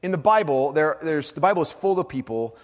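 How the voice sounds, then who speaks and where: A man preaching a sermon to a live congregation, conversational in tone, dropping to soft, low emphasis on key phrases. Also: animated, fairly quick. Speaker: pastor. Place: large hall with audience. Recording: long hall reverb.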